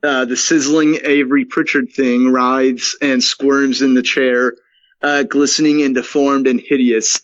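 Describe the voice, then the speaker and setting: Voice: mid-range voice, flat delivery, a little slow, no echo. A podcast co-host chats casually and reads stage directions from a screenplay. The delivery is hesitant and full of filler uhs. The audio is a little dull and muffled, with dry sound. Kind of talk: casual chat and reading a script aloud.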